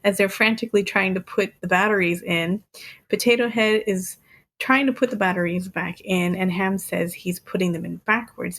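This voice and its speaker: A woman in her thirties co-hosts a podcast, chatting casually and laughing often as she recounts things. Her voice is mid-range with a fairly bright tone.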